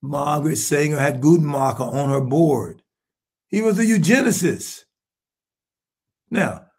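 A man in his seventies, a bishop preaching with emphatic rhetorical questions, swinging between hushed asides and shouted points. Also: a little high, lively intonation, unhurried, long pauses. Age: 70s. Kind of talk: sermon-style commentary.

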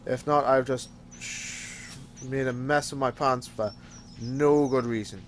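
A man's voice: mid-range voice, steady tone, slow pace, a little hiss or hum. A man giving casual gameplay commentary, exasperated and theatrical, grumbling and throwing mock insults.

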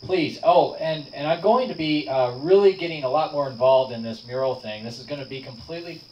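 A man hosting a storytelling night in a bar, earnest and hesitant, with many pauses and restarts in his closing remarks. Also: fairly high pitch. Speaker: host. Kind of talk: closing remarks at a live event. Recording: echoey bar room, distant dull mic, noisy.

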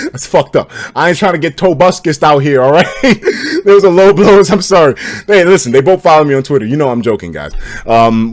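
Livestreaming and reading chat, this young guy talks in slangy, profane bursts, going from hyped to a low mumble and back. The audio carries no room sound.

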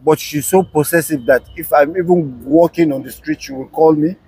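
A man being interviewed, telling a personal story in a casual, animated way with frequent restarts. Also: fairly high pitch, moderate pace, husky, no room sound, low-quality recording.

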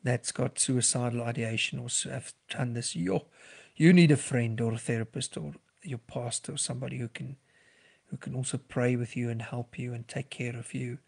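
Guy, psychologist on a podcast, slightly husky, gentle and earnest. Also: mid-range voice, fairly even intonation, moderate pace. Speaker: clinical psychologist. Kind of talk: podcast talk giving advice.

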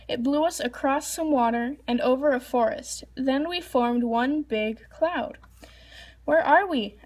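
High-voiced woman reading a storybook aloud. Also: a little mellow. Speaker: reader.

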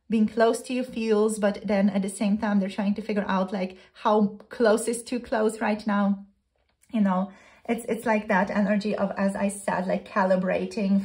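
A woman's voice: medium pitch, darkish tone. A woman giving a pick-a-card tarot reading to her viewers, chatty and flowing, with many "um"s and "you know"s. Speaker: tarot reader.

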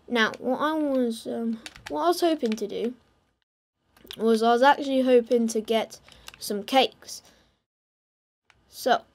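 Slow, playful woman gamer. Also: fairly high pitch. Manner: playful, talks to her game animals in a teasing singsong. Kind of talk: casual gameplay commentary.

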